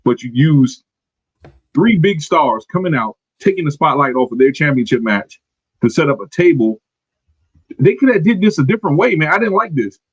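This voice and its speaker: A man hosting a wrestling podcast in casual chat, animated and laughing often. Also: on the high side, normal speed, husky, no room sound, lo-fi sound. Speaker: podcast host.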